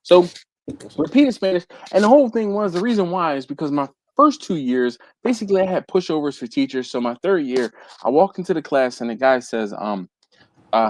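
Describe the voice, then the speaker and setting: A man with a slightly high voice hosting a live online chat. He tells a long, loose story with plenty of animation, jumping into other people's voices as he goes. The talk is relaxed and conversational. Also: fairly quick. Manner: animated, acts out quoted people. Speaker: live stream host.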